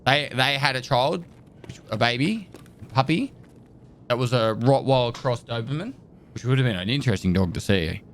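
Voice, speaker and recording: A man's voice: medium pitch, expressive, moderate pace, slight background noise. Rambling casual livestreamer man. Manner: rambling, stumbling over words, laughing and swearing. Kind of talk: casual chat with chat.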